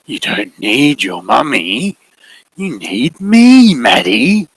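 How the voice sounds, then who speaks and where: A man voicing a menacing shadow being that coaxes a child in slow, soft tones. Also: mid-range voice, wildly swooping pitch, breathy edge, dry recording, voice pushed up, full character voice, low-quality recording. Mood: coaxing menace. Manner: slow, soft, wheedling, growing urgent.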